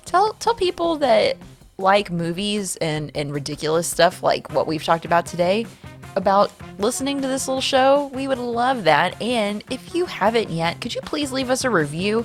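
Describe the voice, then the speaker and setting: A woman's voice: medium pitch, sing-song, faint music behind. A young woman hosting a podcast, upbeat and friendly as she wraps up the show. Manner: upbeat, friendly, brisk sign-off. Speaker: podcast host. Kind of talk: casual chat and show outro.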